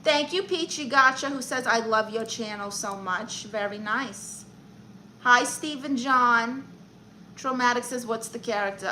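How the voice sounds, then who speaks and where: A woman's voice: a little high, a little slow, sharp tone, slight background noise, rough recording. A woman with a Brooklyn New York accent, hosting a comedy live stream in character, chatty and brash as she greets viewers and reads the chat aloud. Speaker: livestream comedy host.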